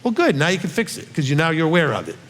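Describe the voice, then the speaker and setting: A man's voice: a little high, big pitch swings, rapid-fire, fairly bright tone. A rabbi giving a conversational Bible teaching, earnest and coaxing, often checking in with his listeners. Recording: long hall reverb.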